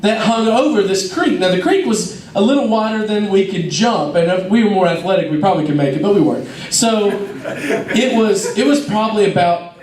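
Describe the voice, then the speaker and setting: A young man, a youth minister telling lively, self-mocking stories to a youth service. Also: high-pitched, moderate pace, a little hiss or hum. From North Georgia, USA. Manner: lively, self-mocking storyteller who acts out scenes. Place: church hall. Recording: roomy hall, mic at a distance.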